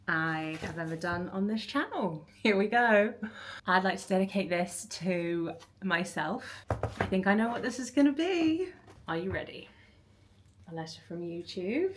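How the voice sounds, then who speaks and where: A woman in her thirties, vlogging casually from her flat, candid and rambling with lots of fillers. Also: mid-range voice, slight background noise. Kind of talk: casual chatty vlog.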